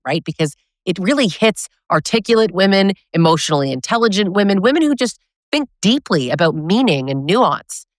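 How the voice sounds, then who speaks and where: A woman's voice: on the low side, dry recording, studio quality. A woman educator talking straight to her viewers, emphatic and coaching, often tagging her points with "right?". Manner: emphatic, keeps adding "right?"; direct, coaching tone. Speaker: abusive relationship educator. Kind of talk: direct-to-camera talk.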